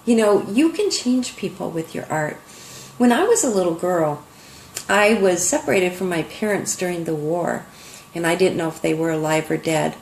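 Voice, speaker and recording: A woman's voice: on the low side, lively intonation, normal speed, darkish tone, roomy sound, slight background noise, poor audio. An older woman art teacher telling a heartfelt, emotional story to her students in an online lesson.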